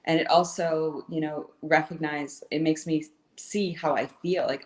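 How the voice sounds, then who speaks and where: A woman's voice: low-pitched, steady tone, a little slow, few pauses, roomy sound. A woman co-hosting a live video chat, talking in a reflective, encouraging way and using many fillers. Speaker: co-host.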